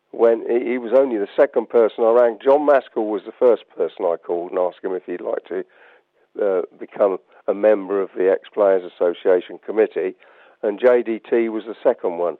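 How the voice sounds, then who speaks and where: A man's voice: on the low side, dry recording. An older man with a Buckinghamshire accent, a guest telling rambling stories, full of ums and restarts. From England, Buckinghamshire. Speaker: guest, chair of ex-players association. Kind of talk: anecdotal radio interview. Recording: dry, tinny phone line.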